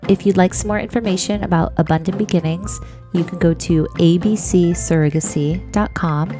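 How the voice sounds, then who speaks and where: A woman's voice: lowish voice, moderate pace, dark tone. A woman podcast host reading her closing remarks, speaking directly to her listeners. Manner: friendly direct address to listeners. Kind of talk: show outro. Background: faint music.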